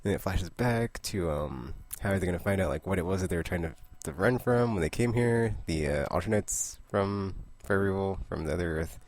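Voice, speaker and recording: A man casually recapping a comic book issue, rambling, laughing often and slipping into quick character voices. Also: low voice, lively intonation, darkish tone, dry recording. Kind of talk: casual comic review monologue.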